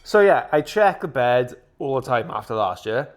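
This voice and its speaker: A man co-hosting a casual podcast chat, telling animated stories full of swearing and acting out his own reactions. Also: medium pitch, moderate pace. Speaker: podcast co-host.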